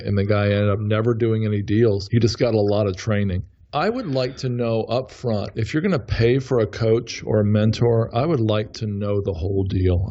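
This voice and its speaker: A man's voice: lowish voice, dark tone, dull audio. A man talking casually as a podcast guest, rambling and often correcting himself mid-sentence. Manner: rambling, frequent self-corrections. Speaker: podcast guest, real estate investor. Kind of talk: casual interview talk.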